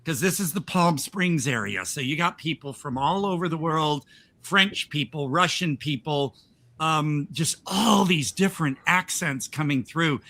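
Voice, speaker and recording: An older American man hosts a casual podcast chat. His voice is very bright and pitched a little high. He rambles, restarts sentences and laughs often. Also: measured pace. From United States. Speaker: podcast host.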